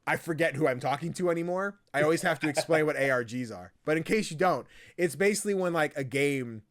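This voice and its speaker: A young man hosting a podcast, chatting casually and acting out quotes in lively voices. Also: on the high side, fast talker, no echo, clean studio sound. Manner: animated, quotes himself and others in lively voices. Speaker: podcast host. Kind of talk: casual chat.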